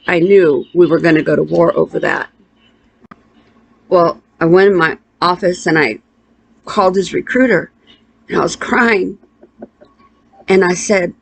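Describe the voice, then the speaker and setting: A middle-aged woman tells a painful personal story, halting and emotional, with restarts and pauses. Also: fairly low pitch, creaky, breathy edge, dry recording. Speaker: interviewee.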